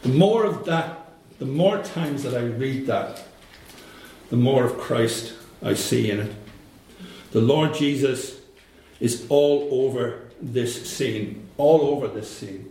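A man preaching a sermon, slow and emphatic, repeating phrases for weight. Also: medium pitch, lively intonation, mellow. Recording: very echoey room.

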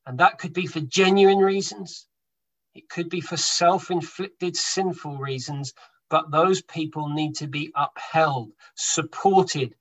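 A man's voice: on the high side, rough recording. A man preaching a sermon to his congregation, emphatic, swelling and dropping his volume for stress. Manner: emphatic, rises and drops in loudness for stress.

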